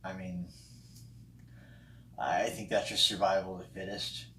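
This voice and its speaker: A fairly low-voiced man with a level, bright, forceful tone bluntly responds to a friend's video, swearing freely. His casual monologue is peppered with ums and restarts, captured in an echoey room with a faint hum underneath.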